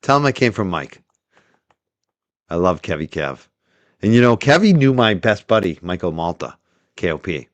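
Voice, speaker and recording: Here a man hosts a livestream, casually reading and thanking super chats from viewers while laughing freely and trailing off quietly. His deep voice is very animated, he talks at a normal speed but pauses often, and the recording is dry.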